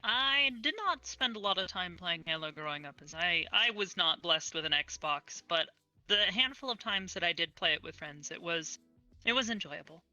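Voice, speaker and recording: A woman's voice: fairly low pitch, expressive, moderate pace, pushed and bright, no room sound, highs cut off, faint music behind. A young woman speaking as an interview guest in casual chat, earnest and enthusiastic, on an online voice call.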